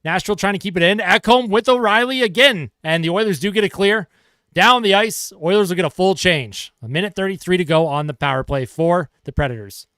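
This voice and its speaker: Bright-voiced excitable male hockey streamer. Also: high voice, fairly quick, clean tone, dry recording, studio quality. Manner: excitable play-by-play, chatting with viewers between calls. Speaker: livestream host and hockey fan commentator. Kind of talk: live fan play-by-play commentary.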